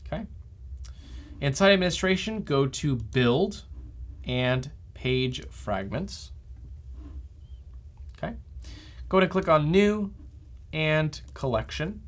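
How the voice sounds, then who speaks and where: A man's voice: fairly high pitch, lively intonation, takes it slowly, pauses often. A man teaching a front-end developer lesson as a screencast, talking steadily and checking in with a frequent "okay?". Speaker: developer trainer. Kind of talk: software screencast tutorial.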